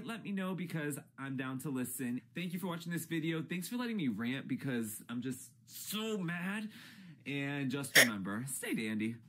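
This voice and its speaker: Brief: furious, profane reality-show ranter, bright husky tone. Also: mid-range voice. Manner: profane, exasperated, swings into shrieks. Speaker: YouTube ranter. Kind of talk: angry reality TV rant.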